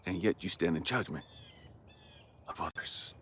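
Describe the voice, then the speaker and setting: A man who works as a life coach, telling an emotional personal story with passion. He swings between hushed and loud delivery and swears freely. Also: low-pitched, measured pace, a little hiss or hum.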